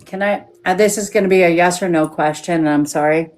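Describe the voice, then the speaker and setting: A woman's voice: fairly low pitch, a little fast. A woman working as a psychic medium on a live stream, frank and checking in with yes-or-no questions.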